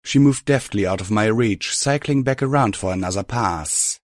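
Low-voiced man reading a story. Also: moderate pace, dry recording. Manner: steady first-person storytelling. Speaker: narrator. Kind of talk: audiobook reading of fan fiction.

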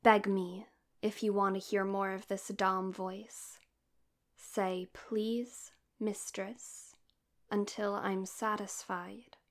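A woman's voice: mid-range voice, voice pushed down, close to an everyday voice. A woman doing a teasing, commanding mistress. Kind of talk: erotic audio role-play.

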